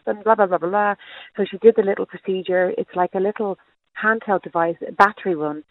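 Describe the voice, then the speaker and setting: A woman in her late forties rambles cheerfully through a story as she calls in. She comes through a tinny, phone-like line with a dry sound. Her pitch sits mid-range. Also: fast, dry recording. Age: 40s. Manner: chatty, rambling storyteller with lots of asides. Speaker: caller. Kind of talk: phone-in call.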